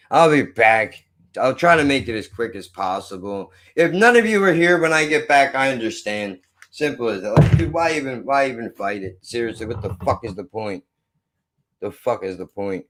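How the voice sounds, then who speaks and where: A man's voice: mid-range voice, expressive, normal speed, a bit bright. A man streaming live, ranting to his viewers with exasperated, muttered swearing. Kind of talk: frustrated off-the-cuff rant.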